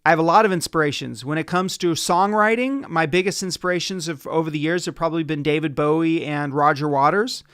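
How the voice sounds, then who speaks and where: A man's voice: fairly high pitch, a little fast, hardly any pauses, a bit bright, clear, resonant tone, dry recording, studio quality. A man giving a casual, rambling guitar lesson on a home livestream, chatting with viewers by name. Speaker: guitar teacher. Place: home room, dim lighting. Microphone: livestream setup. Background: guitar playing.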